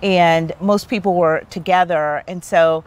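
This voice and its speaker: A woman in her fifties, a therapist hosting, telling a personal story in a relaxed, animated chat. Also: fairly low pitch, a little slow, clean tone. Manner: chatty, animated storyteller with many "like"s. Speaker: therapist and host.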